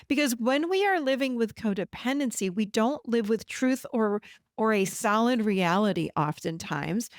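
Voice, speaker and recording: A woman's voice: on the high side, no room sound, clean studio sound. A middle-aged woman hosting a solo podcast, talking directly and encouragingly to her listeners about habits. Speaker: podcast host and codependency coach. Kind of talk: solo podcast teaching monologue.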